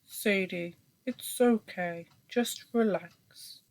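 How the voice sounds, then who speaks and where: A woman voicing a calm, condescending male hypnotherapist in a story reading, talking in a slow, soothing, coaxing way. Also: mid-range voice, lightly acted.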